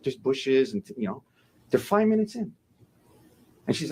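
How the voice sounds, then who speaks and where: A man's voice: a little high, big pitch swings, normal speed, pauses often, darkish tone, breathy edge. A man, a defense attorney, giving a courtroom opening statement, emphatic and repeating key phrases for effect.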